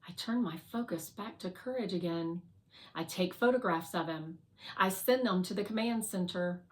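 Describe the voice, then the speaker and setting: A woman narrating a children's novel aloud in a slow, clear, deliberate reading. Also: on the low side. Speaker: read-aloud reader.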